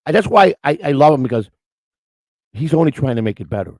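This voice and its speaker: This older man hosting a morning show rambles casually through stories, restarting often and acting out quotes. His voice is on the high side, very animated, fast and a little mellow, with no room sound.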